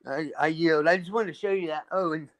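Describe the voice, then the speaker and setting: Man, casual live panel chat, rambling, higher-pitched, dry close sound. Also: a little fast, no room sound. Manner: rambling, shows off his stonework and builds. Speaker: panel guest.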